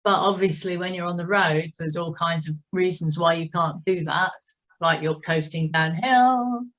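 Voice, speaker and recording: A woman's voice: lowish voice, moderate pace, fairly bright tone, poor audio. A woman leading an online indoor cycling class over a video call, calling out time counts between chatty asides. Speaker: cycling instructor. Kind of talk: coaching an online exercise class.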